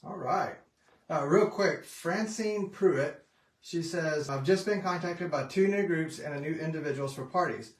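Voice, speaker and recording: Team member, mid pitch, relaxed, offhand, off-mic, echoey room. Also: a little slow. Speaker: team member reading viewer comments. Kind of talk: casual chat.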